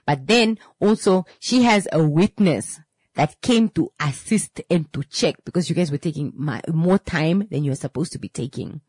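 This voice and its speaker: Salon owner, woman, animated storyteller with a husky, dry voice that restarts her words. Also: low voice, moderate pace, no echo. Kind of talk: casual storytelling to camera.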